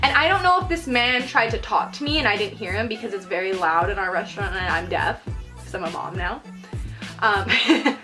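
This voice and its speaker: A young woman co-hosting a casual chat, telling animated stories and acting out her customers. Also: medium pitch, a little fast, music in the background. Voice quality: animated storytelling, acts out customers. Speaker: podcast co-host.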